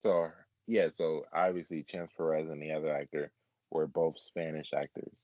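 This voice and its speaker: A man's voice: a bass voice, fairly even intonation, moderate pace, a little mellow, no room sound, highs cut off. A man hosting a casual podcast chat, rambling and laughing, heavy on fillers. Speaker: podcast host.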